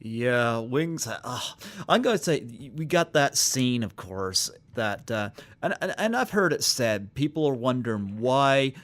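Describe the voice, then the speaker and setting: Male podcast host, mid-pitched voice, halting, restarts often. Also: sing-song, a bit bright. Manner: halting, repeats his words as he builds a point. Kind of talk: casual interview.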